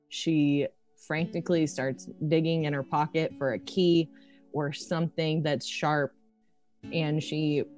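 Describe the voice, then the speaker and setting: A woman with a low voice narrates her character in a tabletop horror game. She swears freely and her voice climbs when her character is upset. A faint music bed sits under her. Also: darkish tone. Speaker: player.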